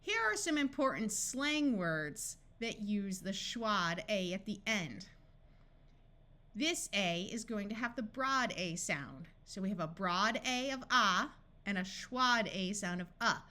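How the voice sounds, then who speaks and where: A woman narrates a scripted phonics lesson at a very unhurried pace. Her voice is bright and forward, and she pronounces each sample word distinctly with a pause after it. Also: medium pitch, sing-song. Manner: slow, clearly enunciated word-by-word reading. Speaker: phonics tutor.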